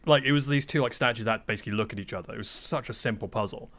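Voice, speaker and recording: A man's voice: on the low side, very fast, fairly bright tone. A man on a podcast as a guest, telling game-master anecdotes in casual chat, acting out quotes and swearing freely.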